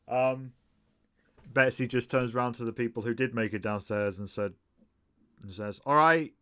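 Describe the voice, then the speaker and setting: A man narrating as game master of a tabletop game, relaxed and full of fillers. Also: mid-range voice.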